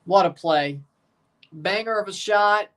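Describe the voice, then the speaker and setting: A man hosting a livestream watchalong, giving excitable play-by-play of a soccer match between chatty replies to his viewers. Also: sits high, unhurried, recorded from a distance. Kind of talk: casual watchalong commentary.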